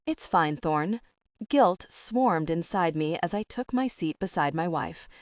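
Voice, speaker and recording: A woman's voice: lowish voice, lively intonation, a little slow, a little mellow, no room sound, clean studio sound. Intimate woman narrating an audiobook. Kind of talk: scripted narration.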